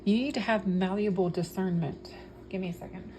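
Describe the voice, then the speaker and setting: This spiritual vlogger and tarot reader preaches about spirituality in an informal, sincere way, repeating phrases and frequently using fillers and starting over. She speaks in a mid-range voice, a little fast, over noise in the background.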